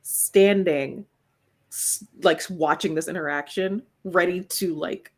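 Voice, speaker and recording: A woman playing in a tabletop game, describing her character in an unhurried, casual way. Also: fairly low pitch. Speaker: player. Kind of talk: casual role-play as a player.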